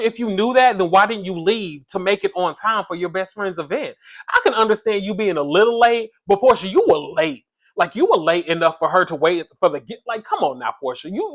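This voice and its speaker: A man with a fairly high voice recapping reality TV in a loose, gossipy way. He talks straight to his viewers like they're friends, chatty and animated in his opinions. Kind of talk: casual recap commentary.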